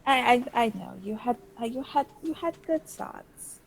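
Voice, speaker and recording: A woman's voice: a little high, expressive, a little slow, creaky, exaggerated voice, rough recording. Woman playing an earnest young daughter. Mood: hesitant. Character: young woman, daughter reunited with her father.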